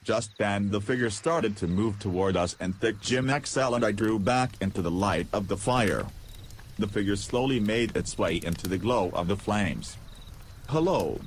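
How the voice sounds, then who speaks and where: A man with a fairly low voice tells a ridiculous comic adventure in a deadpan, goofy way. Faint insect and cricket noise sits behind the voice. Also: moderate pace. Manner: goofy, deadpan, absurd humor with silly voices. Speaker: podcast storyteller. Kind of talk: comic first-person story narration.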